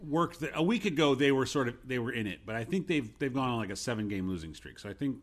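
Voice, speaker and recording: Animated sarcastic New York man. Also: medium pitch, fast. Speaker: podcast co-host. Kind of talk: casual sports chat.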